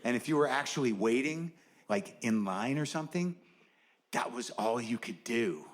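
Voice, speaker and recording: A man's voice: mid-range voice, lively intonation, normal speed, a little hiss or hum. A middle-aged man doing a stand-up comedy set, riffing in a wry, sardonic, conversational way.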